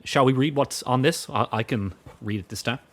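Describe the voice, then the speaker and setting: A man from Ireland with an Irish accent, co-hosting a podcast in casual chat, rambling and halting with many restarts. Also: mid-range voice. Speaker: podcast co-host.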